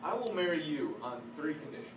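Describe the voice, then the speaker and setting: A man's voice: on the high side, big pitch swings, brisk, slight background noise, voice pushed down. A man voicing a devoted, grieving young wife who speaks earnestly. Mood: firm. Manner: earnest, pleading. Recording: echoey room from a distance.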